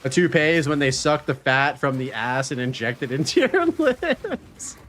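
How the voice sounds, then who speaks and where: A man's voice: on the high side, sing-song, normal speed, a bit bright, a little hiss or hum. A man streaming a video game, chatting casually, joking and laughing often as he reads chat messages aloud.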